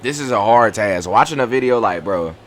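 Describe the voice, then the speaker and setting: A man in his twenties chatting on a livestream at home, loud and profane, trash-talking his chat. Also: on the low side, lively intonation, brisk, slight background noise. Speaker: streamer.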